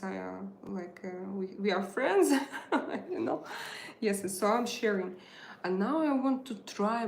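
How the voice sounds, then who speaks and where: A woman who hosts a tarot channel runs a casual live stream, speaking hesitantly with lots of filler sounds and non-native phrasing. Her mid-range voice has a darkish tone, with a little hiss or hum and a roomy echo on the recording.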